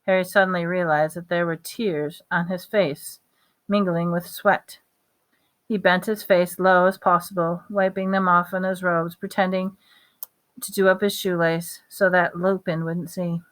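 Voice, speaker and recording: A woman reading a novel aloud at a steady pace, with small slips and restarts. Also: fairly low pitch, unhurried. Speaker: audiobook reader.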